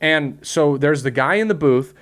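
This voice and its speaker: A man hosting a podcast, telling a story in casual chat, animated, swearing and laughing often. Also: a little high, moderate pace. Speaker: podcast host.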